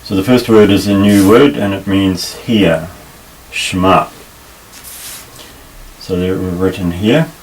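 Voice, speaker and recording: A very deep-voiced man talks slowly through a Hebrew language lesson, pausing and restarting as he explains. He sits a little back from the microphone. A faint hiss of room noise runs under his voice. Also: far from the mic, poor audio. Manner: unhurried, halting, with frequent fillers and restarts. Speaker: Hebrew teacher.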